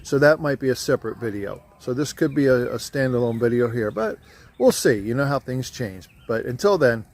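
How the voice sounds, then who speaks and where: A man's voice: mid-range voice, expressive, brisk. A man in his sixties telling a joke in casual chat as a camping vlogger, outdoors at a campsite by a fire, filmed on a handheld camera. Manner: folksy storyteller.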